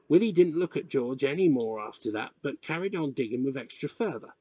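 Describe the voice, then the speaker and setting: A man reading a novel chapter aloud in measured, expressive narration. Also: medium pitch, husky, dry recording. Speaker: reader. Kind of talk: audiobook narration.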